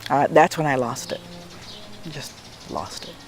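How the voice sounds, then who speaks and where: A woman's voice: a bass voice, animated, measured pace, soft background music. Older woman telling an emotional memory. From Guam. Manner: emotional, reflective, repeats words for emphasis. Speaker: oral history narrator. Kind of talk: personal storytelling.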